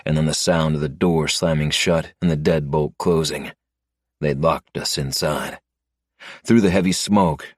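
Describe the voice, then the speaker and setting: A man narrating a first-person story in a low, steady manner. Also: no room sound, clean studio sound. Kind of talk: scripted narration.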